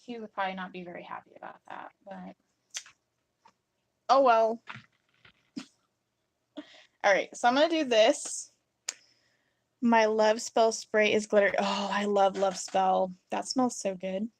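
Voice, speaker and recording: A woman in her thirties chatting casually through a home craft vlog, telling playful stories with bursts of giggles and sudden high squeals. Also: slow, long pauses. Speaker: craft vlogger.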